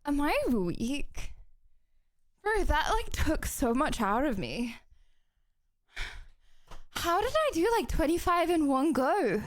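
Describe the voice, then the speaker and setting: Young woman, streamer, high voice, slow drawl, excitable, rambling. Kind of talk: casual livestream chat.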